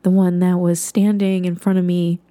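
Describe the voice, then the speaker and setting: A woman's voice: on the low side, little pitch movement, normal speed, mellow. A woman hosting a podcast, telling a personal story in an earnest, conversational way with many fillers, sometimes dropping to a whisper for emphasis.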